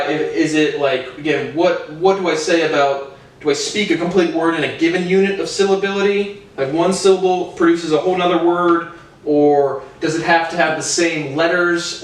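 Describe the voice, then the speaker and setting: A man's voice: a little high, a bit bright. Man lecturing in a very echoey room. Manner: halting, many restarts and self-corrections, thinking aloud. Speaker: YouTube video creator. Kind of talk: rambling solo video lecture. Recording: very echoey room, voice far from the mic.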